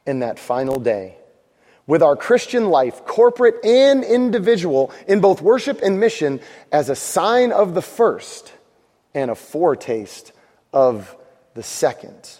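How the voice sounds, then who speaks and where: A man's voice: on the high side, a little mellow, big-room sound. A man preaching a sermon to a congregation, conversational and joking, asking the room for amens. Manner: conversational preaching with jokes and audience prompts. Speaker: pastor.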